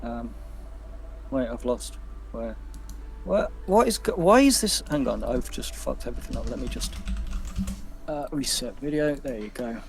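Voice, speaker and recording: A man's voice: medium pitch, lively intonation, normal speed, gravelly, slight background noise. A man running a tabletop game as game master, hesitant and full of fillers. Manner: hesitant, many fillers, fumbles with the software.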